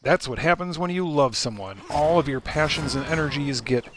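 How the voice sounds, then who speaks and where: A man with a Midwestern accent calls a live game fight with joking, rambling play-by-play. His voice sits a bit high, with faint noise underneath. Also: normal speed. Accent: Midwestern American. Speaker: event commentator.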